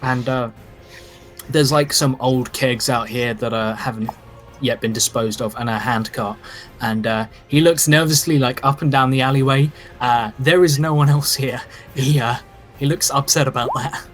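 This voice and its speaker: A man's voice: medium pitch, moderate pace, soft background music. A man narrating a tabletop game as game master, hesitant with many fillers.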